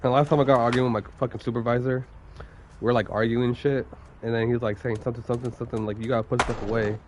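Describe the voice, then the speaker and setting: Talking quickly in a level, mid-range and slightly mellow voice, a young man chats on his stream while getting over a cold, with the odd cough. He rambles, curses and fills his speech with "like," and there's a little hiss or hum.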